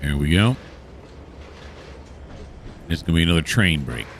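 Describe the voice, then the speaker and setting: A man's voice: extremely low pitch, lively intonation, normal speed, fairly bright tone, slight background noise. A man casually commentating his train-simulator play, chatty and mildly sarcastic, talking to himself and the game. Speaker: gaming channel host.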